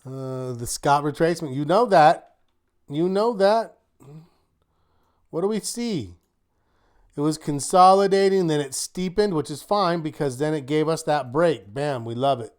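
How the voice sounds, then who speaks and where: Running his weekly market wrap as a live online trading class, this man works through rhetorical question checklists for his students in an upbeat, encouraging way. He speaks a little slowly, in a slightly high voice.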